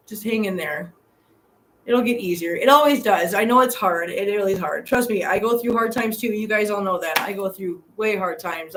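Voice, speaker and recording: A woman's voice: mid-range voice, a bit bright, slight background noise, low-quality recording. A middle-aged woman hosting a live stream from a hotel room. She talks earnestly and from the heart to her viewers and laughs often. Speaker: channel host.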